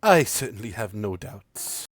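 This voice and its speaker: A man's voice: very animated, measured pace, dry recording. Man putting on a flirty aristocratic mother. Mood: fond. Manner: theatrical, teasing, swoops up high.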